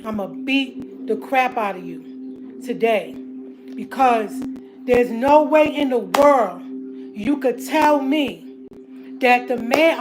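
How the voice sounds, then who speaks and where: Angry high-voiced woman ranting to viewers. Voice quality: blunt, confrontational, often clears throat. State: upset, trying to calm down. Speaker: online commentator.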